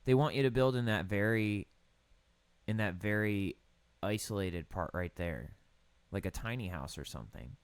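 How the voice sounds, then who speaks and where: A young man casually commentating over a building game, riffing deadpan puns on place names. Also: fairly low pitch, moderate pace, clean tone, no echo. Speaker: gaming streamer.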